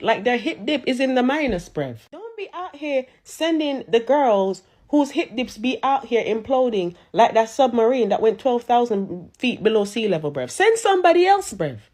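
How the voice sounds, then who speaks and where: A woman's voice: a little high, darkish tone. A woman of Jamaican heritage delivering a sarcastic comedic roast to camera. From Jamaican community. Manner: sarcastic, mocking, punchy. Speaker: social media commentator.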